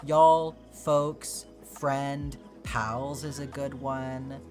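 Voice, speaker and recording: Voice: medium pitch, little pitch movement, extremely slow, darkish tone. Chatty streamer from Georgia, music behind. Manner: chatty, thinks aloud with many "like"s and restarts. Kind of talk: casual chat, reading and answering live chat. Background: background music.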